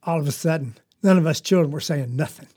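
A woman's voice: deep voice, fast talker, dark tone, husky. A woman with a Southern US accent playing a young farm girl who tells a story in a rambling, folksy, confiding way. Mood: earnest. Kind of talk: dramatic monologue.

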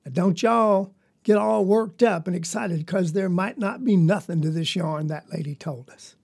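A woman with a Southern US accent voicing a hearty farmer father who talks in a booming, cheerful way. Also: normal speed, creaky, darkish tone, slightly rough.

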